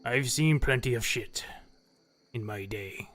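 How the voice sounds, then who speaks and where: A man voicing a gruff, scarred human male sailor in a low, dry manner. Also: takes it slowly, a bit bright.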